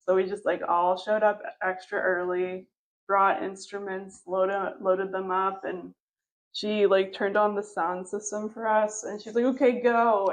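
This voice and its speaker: A woman's voice: medium pitch, rough recording. Rambling, laughing woman telling a story. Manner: rambling, frequent "like" fillers and laughter. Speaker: podcast co-host. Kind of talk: casual storytelling.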